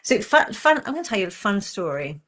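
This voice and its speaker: A woman in her forties, a country singer chatting as a guest and telling stories in a lively, animated way. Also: mid-range voice, a little fast. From England. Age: 40s. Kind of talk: casual chat.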